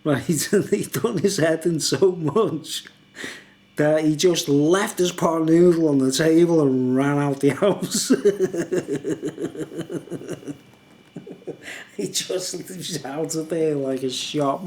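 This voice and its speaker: A man's voice: on the high side, slow pace, long pauses, a little mellow. Rambling man, laughs through his story, very casual. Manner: laughs often, rambling, asks "you know what I mean". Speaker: vlogger.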